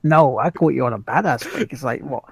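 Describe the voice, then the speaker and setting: Gravelly, husky Englishman on a podcast. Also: mid-range voice, expressive, fairly quick, no room sound. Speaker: podcast co-host. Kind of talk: casual podcast banter.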